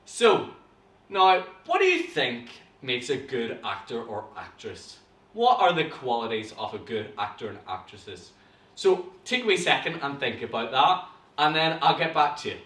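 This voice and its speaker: Lively, theatrical Northern Irish drama teacher in an echoey room. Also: male voice, mid-range voice, moderate pace, far from the mic. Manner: animated and theatrical, with gasps and sudden bursts. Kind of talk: online acting class, addressing viewers.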